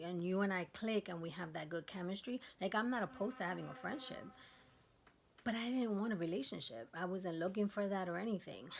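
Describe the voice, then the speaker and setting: A woman vlogger telling a personal story in a candid, emphatic way, dropping to a hush at tense moments. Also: lowish voice, gravelly. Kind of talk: casual storytelling.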